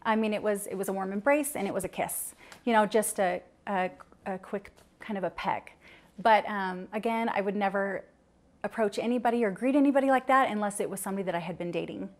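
A woman's voice: medium pitch, a little fast. A young woman answering interview questions, hesitant and full of restarts, at times close to tears. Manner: hesitant, many ums and restarts, gets teary.

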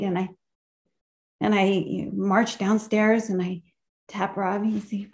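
Over a video call, a woman recounts a heartfelt personal memory at a memorial gathering, often pausing as she searches for words. Her voice sits in the mid-range with a level tone.

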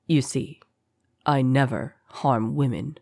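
A woman puts on a deep-voiced male rebel leader for a fantasy audiobook. He speaks low, quiet and slow, smooth and courtly with a cold threat. The recording is dry and close. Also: expressive, no room sound, exaggerated voice. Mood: eerily calm. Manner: smooth, courteous, soft-spoken.

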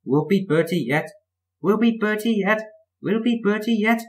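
High wailing pair of anxious coaches, as a man puts them on. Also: moderate pace, lightly acted. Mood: cheering. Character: two anxious female railway coaches. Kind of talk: storybook reading.

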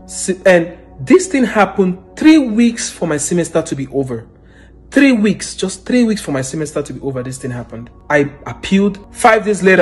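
A man giving an earnest, emotional spoken testimony, now and then bursting into loud praise. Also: a little high. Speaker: testimony giver.

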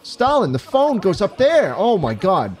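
A man giving profane, excitable let's-play commentary, often yelping and laughing. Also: high-pitched, measured pace, slight background noise. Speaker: gaming YouTuber.

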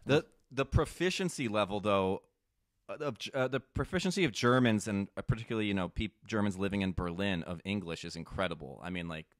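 Animated man hosting a casual chat. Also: on the low side, a little fast, no echo, clean studio sound. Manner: animated storyteller, laughs often, mimics himself speaking German. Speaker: podcast host interviewing guests.

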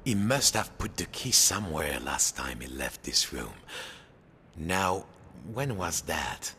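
A man's voice: rumbling low, sing-song, unhurried, pushed and bright, a little hiss or hum. A man narrating a storybook game tale in a playful, theatrical way, with French exclamations. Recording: game audio with music behind.

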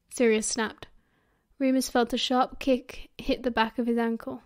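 A young British woman reading a fan audiobook, giving the characters lively voices. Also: on the high side, normal speed. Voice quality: reads all parts with lively character voices. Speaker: audiobook narrator.

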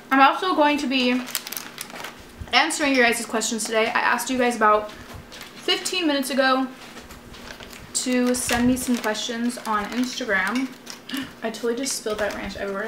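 A woman's voice: a little high, fairly quick. A young woman vlogging while she eats at home, chatting casually and filling her talk with "like" and "literally". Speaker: mukbang vlogger. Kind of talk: casual eating chat to camera. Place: room at home. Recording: echoey room with background noise. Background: household noise.

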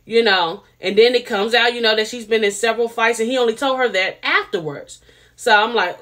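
A woman's voice: a little high, fairly quick, a bit bright. A woman reviewing a TV show in a casual, blunt and opinionated way, talking straight to her viewers. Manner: chatty, addresses viewers directly.

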